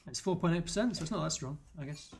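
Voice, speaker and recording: A man from the north of England hosting a casual beer-tasting chat, relaxed and quick to laugh. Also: on the high side. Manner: relaxed, chatty, laughs often. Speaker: podcast host.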